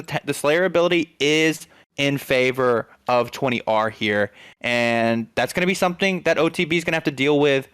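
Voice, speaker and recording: A man's voice: medium pitch, a bit bright, clean tone, dry recording. Man casting an esports match, dry sound. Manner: quick, analytical, thinks aloud with restarts. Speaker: esports caster. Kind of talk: play-by-play commentary.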